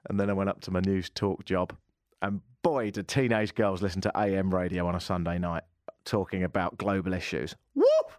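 A man's voice: deep voice, fairly even intonation, fairly quick, dry recording. A man hosting a talk radio show, chatting casually with a dry, self-mocking wit from a studio. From England. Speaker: radio host. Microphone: studio mic.

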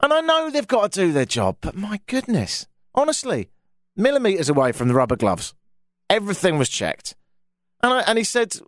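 Lively British man, wry radio rant. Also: high-pitched, moderate pace, no room sound, studio quality. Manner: wry, storytelling, exasperated asides. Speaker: radio talk show host. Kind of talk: rambling talk radio monologue. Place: radio studio.

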